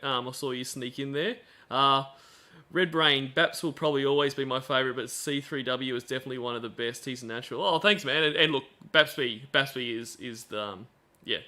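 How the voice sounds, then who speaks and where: A man hosts a stream with chatty, sarcastic commentary full of fillers. His voice is bright and forceful, at a middle pitch. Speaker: stream host. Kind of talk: live commentary on played calls.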